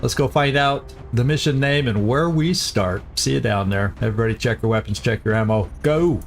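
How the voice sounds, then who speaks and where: A man's voice: mid-range voice, moderate pace, soft background music. A man hosting a channel who comments on a strategy game, thinking aloud and correcting himself as he plans moves. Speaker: gaming channel host.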